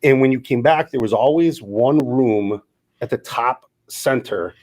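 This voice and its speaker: A middle-aged man co-hosting a podcast, telling lively stories and acting out the quotes. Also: medium pitch, a little slow. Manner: animated storyteller acting out quotes. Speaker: podcast co-host. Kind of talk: casual storytelling chat.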